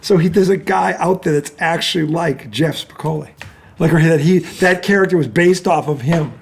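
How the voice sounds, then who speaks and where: A man hosting a sports talk show, telling stories in an excitable, gushing way and swearing freely. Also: fairly high pitch, normal speed, vocal fry, breathy edge. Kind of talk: casual podcast chat.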